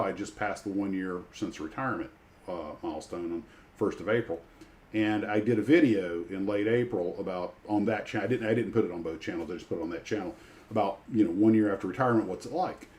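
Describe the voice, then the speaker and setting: A man's voice: lowish voice, darkish tone. Rambling retired man. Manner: rambling storyteller with many restarts. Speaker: livestream host. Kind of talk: casual chat.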